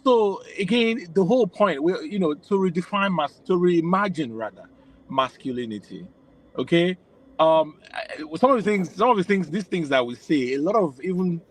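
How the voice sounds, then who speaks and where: A man's voice: a little high, poor audio. A man from Nigeria, a podcast guest, explaining his views at length in a reflective way, often restarting his sentences. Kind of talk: casual podcast conversation.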